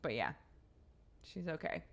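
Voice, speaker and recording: A young adult woman streamer telling a story in casual chat, animated and chatty. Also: low voice, measured pace, creaky.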